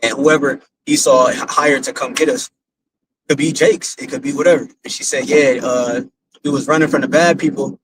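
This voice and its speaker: Over a noisy background, a man who is a father recounts his religious testimony at a normal speed, his medium-pitched voice fairly even in intonation. The storytelling is loose and slangy, rambling and repeating itself.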